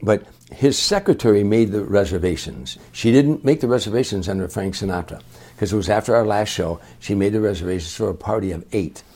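Husky, mellow older man. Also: on the low side, brisk. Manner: lively storyteller who acts out other people's voices. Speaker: comedian guest. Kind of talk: anecdotal storytelling.

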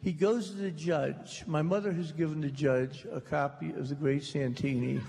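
An American man tells dry, funny family stories to a live audience and acts out the voices in them. His voice is gravelly and pitched a touch high, and he takes his time. The archival recording carries the long reverb of a large hall. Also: fairly even intonation, moderate pace, noisy background. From United States. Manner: wry, dry storyteller, acts out quotes. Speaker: author telling stories on stage. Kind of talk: humorous anecdotal storytelling to a live audience.

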